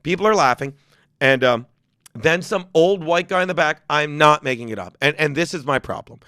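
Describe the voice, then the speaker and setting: A man in his fifties, a comedian guest on a podcast, talking loudly and emphatically with heavy swearing. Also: a little high, animated, normal speed, clean tone, no echo, clean studio sound. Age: 50s. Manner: loud, profane, emphatic ranting. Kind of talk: podcast conversation.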